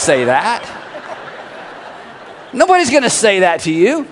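A middle-aged male pastor with a notably high voice, preaching in an animated way and hammering his points home through repetition. His words ring out with a long reverb across a big church auditorium. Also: unhurried, pauses often, slight background noise. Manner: animated, repeats phrases for emphasis, leads congregation in call-and-response. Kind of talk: sermon.

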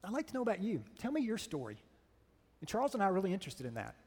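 A man playing a friendly, relaxed famous athlete, speaking softly in a sermon. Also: high voice, very fast, breathy edge, big-room sound, full character voice.

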